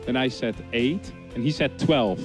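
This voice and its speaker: A man's voice: mid-range voice, normal speed, over music. Man telling a playful story. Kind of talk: casual storytelling.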